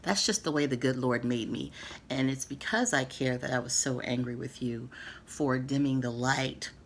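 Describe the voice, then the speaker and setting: A woman's voice: extremely low pitch, moderate pace, a little hiss or hum. A woman from the United States talking casually to the camera, earnest and emphatic with sassy asides. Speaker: vlogger giving book feedback. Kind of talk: casual direct-to-camera address.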